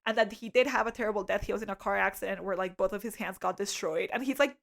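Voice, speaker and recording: A woman from Canada co-hosting a podcast, telling a story in a casual, animated way with lots of fillers and laughter. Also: medium pitch, fast, gravelly. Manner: animated storytelling, frequent "like", laughs mid-sentence. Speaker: podcast co-host.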